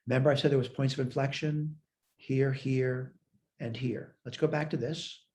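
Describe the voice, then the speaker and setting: A man's voice: medium pitch, steady tone, moderate pace, darkish tone. A man teaching a recorded math lecture, talking through worked steps aloud and checking his own work as he goes. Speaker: math instructor.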